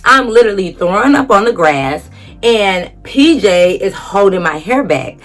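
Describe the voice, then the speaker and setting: A woman's voice: mid-range voice, animated, measured pace, a bit bright, soft background music. A young woman vlogger telling a dramatic storytime story casually, acting out quotes and swearing freely.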